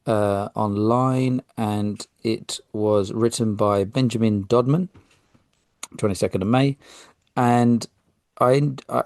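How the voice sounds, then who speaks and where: British guy on his podcast reading film news, low gravelly voice, dry close sound, keeps fumbling french names. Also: a little mellow, no echo. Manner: casual, self-deprecating, stumbles over names. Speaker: podcast host. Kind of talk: reading news articles with commentary.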